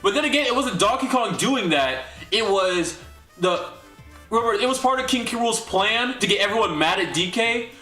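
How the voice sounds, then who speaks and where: A young man hosts a livestream and chats loosely with his viewers, his rambling recap full of restarts and incredulous asides. His voice sits high and swings widely in pitch, with a bright edge. It sounds as if it was recorded in an echoey room with faint music underneath. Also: lively intonation, normal speed. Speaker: livestream host. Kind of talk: casual recap talk to a livestream chat.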